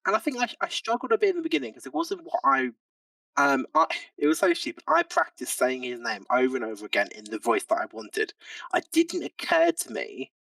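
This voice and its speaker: A man chats casually on a podcast as a guest, self-deprecating and full of likes and ums. His voice sits at a middle pitch. He sounds a little back from the mic in a dry room. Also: vocal fry, bright, forceful tone, no echo, far from the mic, rough recording. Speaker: tabletop game player and podcast guest.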